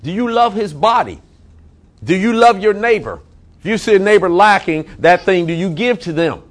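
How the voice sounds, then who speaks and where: Emphatic preacher man, high-pitched. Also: lively intonation. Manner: emphatic, repeats phrases, stretches key words slowly. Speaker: pastor. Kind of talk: sermon.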